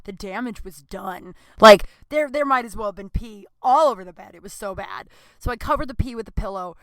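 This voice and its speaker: A woman comedian hosting her own podcast, telling a story in a candid, profane and self-mocking way, with plenty of filler words, recorded on a computer in a small warm room. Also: medium pitch, lively intonation, a little fast, no echo. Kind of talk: casual storytelling monologue.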